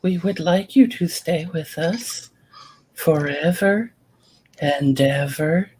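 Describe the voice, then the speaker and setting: A man putting on a slow, eerie voice of a sinister presence that coaxes someone to stay. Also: on the high side, a little mellow, a little hiss or hum. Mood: eerie coaxing. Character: eerie soft-spoken presence, coaxing and sinister.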